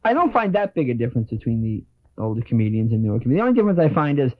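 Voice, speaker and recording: A man in his thirties, a comedian guest, telling animated stories in casual radio chat and laughing through his words. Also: mid-range voice, very fast, no room sound, phone-quality sound. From United States.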